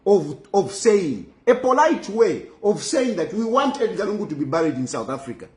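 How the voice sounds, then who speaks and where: A man's voice: sits high, very animated, moderate pace, a little mellow, roomy sound. A man giving emphatic, repetitive political commentary, mixing English with Bemba phrases. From Zambia.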